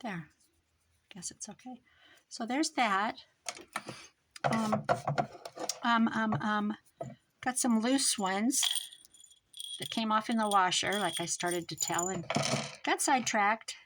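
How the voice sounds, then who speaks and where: A woman talking casually and rambling off topic as she works on a craft project, her voice trailing off quieter at times. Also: mid-range voice, slow, long pauses, background noise. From American Midwest. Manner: rambling, thinks aloud while working, drifts quieter. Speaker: craft vlogger. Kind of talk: chatty crafting monologue.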